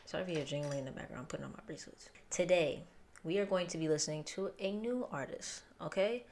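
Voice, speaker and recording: A woman's voice: sits low, fast talker, vocal fry. Chatty woman reacting to an album. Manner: chatty and animated, swears casually, talks to viewers directly. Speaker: music reaction YouTuber. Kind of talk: casual chat, reacting to an album. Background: faint music from the album.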